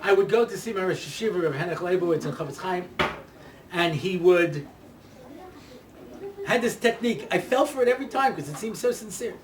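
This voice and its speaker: Chatty high-voiced man lecturing in an echoey room. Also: lively intonation, brisk, long pauses. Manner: chatty, checks in with "yeah?" and "you know"; laughs at his own jokes. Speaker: speaker giving a Torah talk. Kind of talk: lecture with anecdotes and jokes. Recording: echoey room, mic far off, faint noise.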